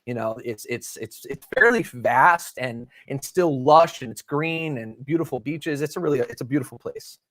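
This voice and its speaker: A man hosting a live show in a relaxed, chatty way. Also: medium pitch, normal speed, few pauses, dry recording. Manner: relaxed, chatty, laughs easily. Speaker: host.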